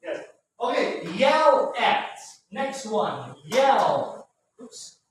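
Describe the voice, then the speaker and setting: A male English teacher with a high voice, speaking slowly and patiently to his class. He keeps checking understanding with a questioning "right?". The sound is very echoey and distant, with faint background noise. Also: very animated. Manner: patient, repetitive, ends phrases with "right?". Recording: very echoey room, far from mic, faint noise.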